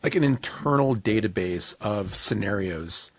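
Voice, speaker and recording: A male podcast host with a low, husky voice works his way through a long question, pausing to find the right words. The sound is dry and close, with no room around it. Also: expressive, no room sound. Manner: thinks aloud, searches for words mid-question. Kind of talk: casual interview talk.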